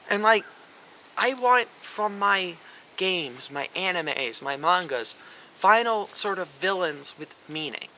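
A man's voice: on the high side, lively intonation, slow, sharp tone, a little hiss or hum, rough recording. Sarcastic, profane man ranting sharply. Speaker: vlogger. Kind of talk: ranting commentary.

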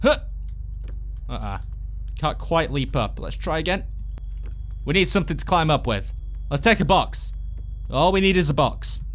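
A man giving lively, jokey gameplay commentary as a let's play host, talking to the characters on screen. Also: a little high, normal speed, pauses often, a little hiss or hum. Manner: excitable, jokey, talks to the game characters.

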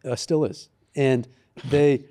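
A man with a mellow, relaxed voice tells a story in a casual podcast studio chat. He shifts into a raised, lively voice when he quotes the people in it. He sounds like a co-host among friends. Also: medium pitch, slow pace.

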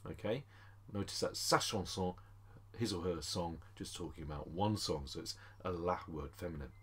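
Low husky-voiced male French teacher. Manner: chatty, addresses class as ladies and gents; slows down to spell out French phrases. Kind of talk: screen-recorded language lesson.

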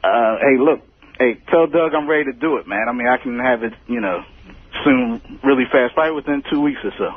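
Quick laid-back male caller. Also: mid-range voice, a little hiss or hum. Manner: laid-back, many fillers. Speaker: caller, animator. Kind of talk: phone-in chat. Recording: muffled radio broadcast.

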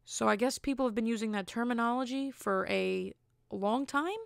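Candid young woman with a gravelly voice. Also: on the high side, normal speed, no echo, clean studio sound. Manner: blunt, candid storyteller; animated, acts out quotes. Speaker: podcast host. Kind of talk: casual solo podcast monologue.

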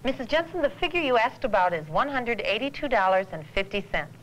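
An actress playing a polite, helpful bank clerk on the phone, in a 1980s educational film. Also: female voice, on the high side, sing-song, a little fast, a bit bright, rough recording. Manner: polite, service-minded phone manner. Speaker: bank employee answering customers. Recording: faint hiss on an old tape transfer.

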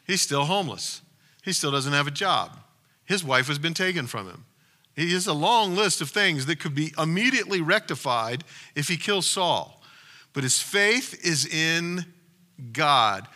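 A man's voice: on the high side, pushed and bright. A male pastor giving a sermon in a conversational way, retelling a story with asides to the congregation. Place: church.

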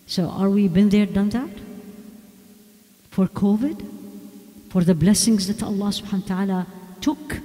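A woman's voice: mid-range voice, normal speed, pauses often, dark tone. A woman giving a religious lecture to a women's audience, emphatic and repeating rhetorical questions to her listeners. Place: large mosque hall. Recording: long hall reverb.

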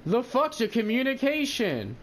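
A man chatting loudly over a game headset, teasing his friends, swearing and laughing a lot. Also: extremely high pitch, wildly swooping pitch, moderate pace. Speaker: gamer. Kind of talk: casual chat over game voice chat.

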